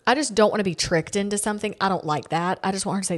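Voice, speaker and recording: Animated woman podcast host telling stories. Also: medium pitch, racing, hardly any pauses. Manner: animated storytelling, quoting people, laughing often. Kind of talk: casual chat.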